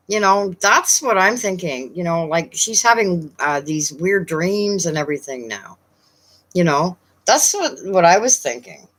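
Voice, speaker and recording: A woman from Canada chats casually on a live stream. Her voice is bright and forward, and she talks loosely, leaning on fillers and turning to viewers by name. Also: mid-range voice. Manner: chatty, many fillers, reads out viewer names.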